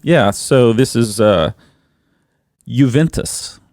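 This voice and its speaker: A man's voice: medium pitch, takes it slowly, darkish tone, dry recording, clean studio sound. A man hosting a podcast who leads the casual chat and asks questions. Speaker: podcast host.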